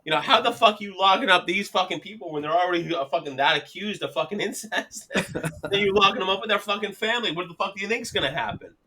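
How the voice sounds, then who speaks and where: A man hosting a casual chat and telling stories, full of profanity and animated asides. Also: sits high, fast, a little hiss or hum. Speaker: podcast host.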